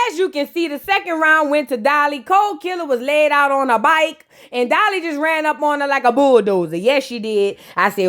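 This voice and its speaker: A high-voiced woman recapping a reality show in a casual, sassy gossip style. She talks straight to her viewers with lots of slang and teasing asides. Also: a little fast, few pauses, fairly bright tone. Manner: chatty, sassy, slang-heavy commentary.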